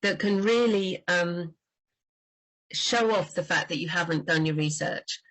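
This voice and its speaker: A woman book doctor talking in a lively, chatty way on a livestream about writing crime fiction. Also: lowish voice, measured pace, poor audio.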